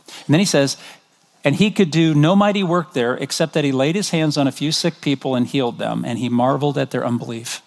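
A man's voice: medium pitch, fast. A middle-aged man preaching a sermon as pastor, conversational, telling stories and quoting scripture. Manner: conversational, storytelling, animated when quoting.

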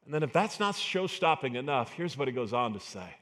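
A man's voice: mid-range voice, big pitch swings, a little fast, fairly bright tone. A man preaching a sermon as pastor, earnest and emphatic, asking the congregation rhetorical questions.

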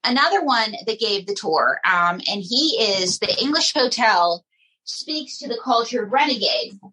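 Husky, bright-voiced chatty woman. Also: fairly high pitch, very animated, a little slow, rough recording. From United States. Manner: chatty, rambling, with many fillers. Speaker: comedian and ventriloquist guest. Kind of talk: casual interview chat.

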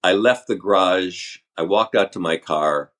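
An older man, a podcast guest, telling his story candidly in a halting, talkative way. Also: deep voice, a bit bright. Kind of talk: storytelling interview.

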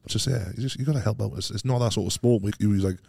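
A man's voice: fairly low pitch, very fast, creaky, warm tone, no room sound, studio quality. A Welsh man telling stories as a podcast guest, rambling and laughing easily, full of British slang. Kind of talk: casual chat.

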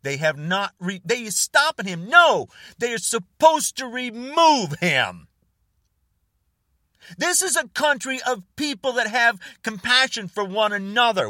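An older American man rants furiously to camera, repeating short jabbing phrases. His pitch leaps all over the place and his voice is bright and forceful. The sound is dry and close. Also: huge pitch swings, takes it slowly, no room sound, far from the mic. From United States. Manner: furious, repetitive, name-calling, jabbing phrases. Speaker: online video host. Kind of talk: angry political rant to camera.

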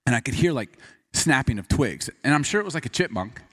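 A man preaching a sermon, telling a self-deprecating personal story with lots of energy and then turning quiet and earnest as he moves into scripture. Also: medium pitch, very animated, a little fast, husky. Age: adult. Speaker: pastor.

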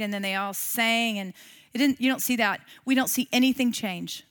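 A woman's voice: a little high, brisk, a bit bright. A middle-aged woman teaching a Bible class in a casual, conversational way, often asking her listeners questions.

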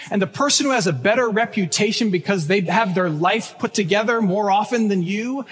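Higher-voiced guy preaching, earnest, leans on key words, echo of a big church. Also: a bit bright, breathy edge. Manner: earnest, emphatic, slows on key phrases. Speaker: pastor. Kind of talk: sermon. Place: church sanctuary. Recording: long church reverb.

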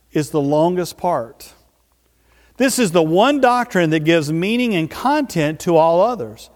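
Slow, emphatic male preacher in a reverberant hall. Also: fairly high pitch, a little mellow. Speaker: pastor. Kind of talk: sermon.

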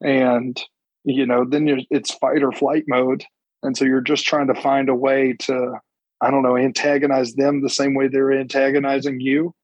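A man's voice: medium pitch, no echo, dull audio. A young man, a stand-up comedian telling stories in casual chat and acting out what people said. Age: young adult. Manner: animated, acts out quotes with quick bursts.

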